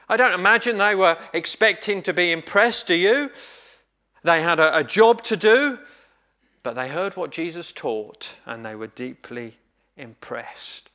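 A man preaching a sermon, telling a story in a measured, reflective way with pauses. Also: high-pitched, animated, sharp tone.

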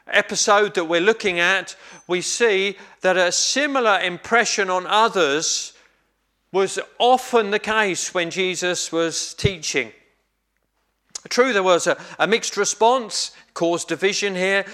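A man preaching a sermon, telling a story in a measured, reflective way with pauses. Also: high voice, pushed and bright.

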